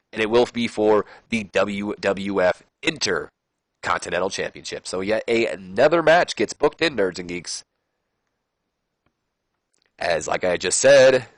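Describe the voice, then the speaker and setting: A man who hosts a gameplay channel narrates a wrestling simulation in a let's-play, rambling casually and tossing in jokey asides. His voice is lowish, with no room sound.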